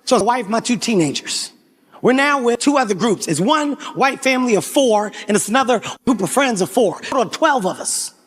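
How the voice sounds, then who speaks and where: A male comedian telling a long story on stage in an animated, profane, often shouting manner. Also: extremely high pitch, fairly quick, slightly rough, long reverb tail. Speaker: stand-up comedian. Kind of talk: stand-up storytelling. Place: comedy stage before an audience.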